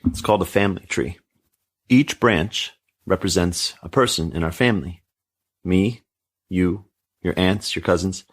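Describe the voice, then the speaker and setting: A strict mother lecturing her daughter in a low, husky storybook voice, as a male reader puts her on. She sounds controlling and grave, only lightly set apart from the reader's own tone. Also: a little slow, long pauses. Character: stern fearful mother of a teenage girl. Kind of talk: storybook reading.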